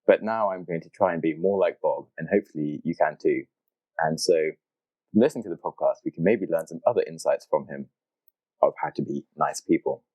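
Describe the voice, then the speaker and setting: A man hosting a podcast, casually telling a story and acting out people's reactions with lively jumps in his voice. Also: very deep voice, fairly quick, no room sound, highs cut off. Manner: animated, acts out quoted reactions. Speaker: podcast host.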